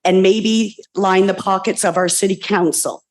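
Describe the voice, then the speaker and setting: A woman's voice: mid-range voice, fairly even intonation, measured pace. Woman resident, passionate public comment, emotional, pointed repeated questions, meeting room mic.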